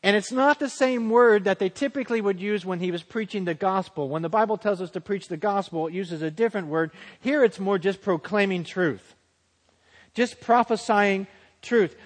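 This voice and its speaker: A man, preaching a sermon and shifting dramatically into a hushed, low voice for humble quotes. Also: normal speed. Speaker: pastor. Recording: long hall reverb.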